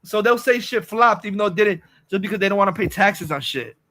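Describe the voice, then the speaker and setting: This is a man with a high voice, hosting a casual livestream chat. His tone is bright and sharp. He rants crudely and trips over his words as he gets heated. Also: expressive, fast talker. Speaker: livestream host. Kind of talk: casual profane rant chat.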